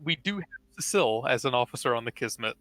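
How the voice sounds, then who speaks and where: Bright-voiced man chatting over a game. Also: medium pitch, expressive, fast, rough recording. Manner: chatty, laughs often, plays a commanding officer. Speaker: tabletop game player. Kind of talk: casual game chat.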